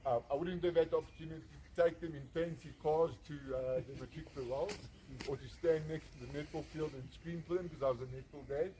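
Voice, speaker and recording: A man in his late forties tells his testimony in an earnest, emphatic way, hammering home repeated phrases. His voice sits a little high for a man. It was recorded outdoors, with clear background noise and birds. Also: steady tone, fast talker, warm tone, rough recording. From South Africa. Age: 40s. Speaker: rehab centre founder. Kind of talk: personal testimony.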